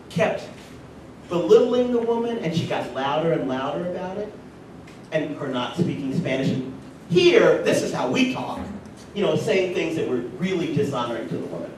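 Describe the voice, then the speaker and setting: A man with a fairly high, lively voice tells personal stories at a conference and makes animated asides to the audience. He sounds set back from the microphone in a very echoey hall, with a faint rumble underneath. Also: far from the mic. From rural North Carolina. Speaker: conference speaker. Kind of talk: personal storytelling speech.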